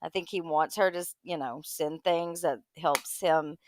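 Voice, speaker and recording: A woman's voice: low voice, unhurried, a little hiss or hum. A woman co-hosting a livestream, giving gossipy, sarcastic commentary in casual chat. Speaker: livestream co-host.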